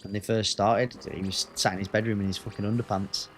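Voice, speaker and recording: A man's voice: on the low side, little pitch movement, fairly quick, slight background noise. A man, chatting casually and swearing as he streams a racing game. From Northwest England. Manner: chatty, banters with chat, swears. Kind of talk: casual gaming stream chat.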